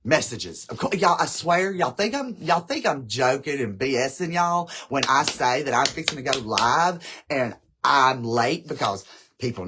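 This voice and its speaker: A man's voice: mid-range voice, background noise. A man hosting a casual craft livestream, chatting and rambling straight to his viewers.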